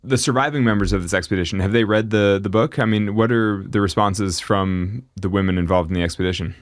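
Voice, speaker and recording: Very deep-voiced laid-back male host. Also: fairly quick. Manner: casual, brief, laid-back questions. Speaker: podcast host. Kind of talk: podcast interview conversation.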